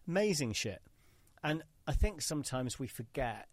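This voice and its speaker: A man's voice: fairly high pitch, big pitch swings, moderate pace, dry recording. A man hosting a podcast, teasing his guest and swearing casually as he talks. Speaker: podcast host.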